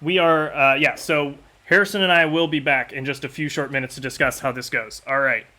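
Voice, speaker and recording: Chatty male host, crisp bright voice, loose and upbeat. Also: fairly high pitch, fairly even intonation, brisk. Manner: upbeat, chatty and slightly scattered. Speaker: podcast and stream host. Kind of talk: casual live-stream chat.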